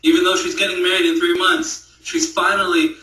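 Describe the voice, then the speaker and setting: A man giving a moral story as a religious speaker, halting and repeating words and checking in with "right?". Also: high voice, little pitch movement, sharp tone. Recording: echoey room, speaker far from the mic.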